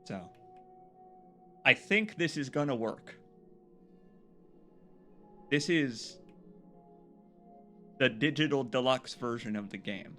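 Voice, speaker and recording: A man chatting with his stream audience in a bright, forceful voice, with soft music underneath. He is excitable and swears freely, and his voice leaps up high when something on screen thrills him. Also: slow, long pauses. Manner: excitable, swears freely, laughs loudly, jumps to high yelps. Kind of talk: casual game stream chat.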